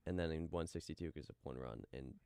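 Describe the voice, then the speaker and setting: A man's voice: very deep voice, quick pace, a little mellow, clean tone, no echo. A young man co-hosting a casual sports radio talk show, wry and teasing. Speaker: co-host. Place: radio studio. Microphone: studio microphone.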